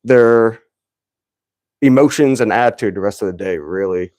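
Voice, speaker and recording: A man's voice: on the low side, moderate pace, darkish tone, dry recording, clean studio sound. A man in his thirties hosting a podcast, chatting casually, rambling and laughing often as he acts out little quotes. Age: 30s. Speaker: podcast host. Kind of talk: casual chat.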